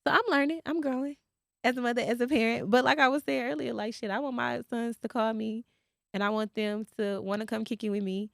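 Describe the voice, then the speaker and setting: A woman podcast host, telling a story in casual chat and quoting others in a lowered voice. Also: fairly even intonation, a little fast, gravelly, fairly bright tone, no echo, studio quality.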